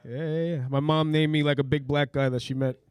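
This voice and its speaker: Brief: man, mumbly stand-up comic, dry close sound, slightly high voice. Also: level tone, fairly quick, clear, resonant tone, dry recording. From Puerto Rico. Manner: mumbling, rambling delivery. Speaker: comedian at an open mic. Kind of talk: stand-up set.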